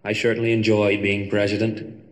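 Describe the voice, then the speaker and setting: A man playing a self-assured middle-aged president with a strong Boston accent, talking in clipped phrases broken by drawn-out ums, on a reverberant 1960s comedy record. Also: fairly low pitch, completely flat delivery, lightly acted. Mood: wry. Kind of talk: 1960s comedy album sketch.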